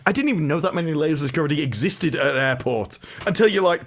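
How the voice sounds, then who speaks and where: A man telling an exasperated, ranting story in casual chat and mimicking officials in a lowered voice. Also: lively intonation, quick pace, fairly bright tone. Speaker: panelist on a film talk show.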